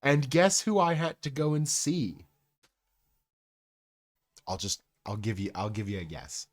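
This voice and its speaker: A man's voice: medium pitch, very animated, a little slow. A young man chatting casually on a live stream, telling a rambling story full of swearing and asides to his chat.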